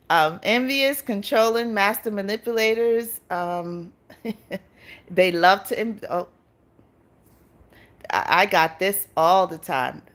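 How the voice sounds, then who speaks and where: A woman's voice: medium pitch, a bit bright. A woman hosting a casual livestream, chatting with her viewers, reading out their comments and laughing often. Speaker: livestream host.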